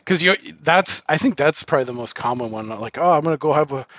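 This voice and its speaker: A man's voice: on the high side, expressive, quick pace, fairly bright tone, no echo. A man co-hosting a film podcast, rambling casually with lots of fillers and swearing. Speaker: podcast co-host.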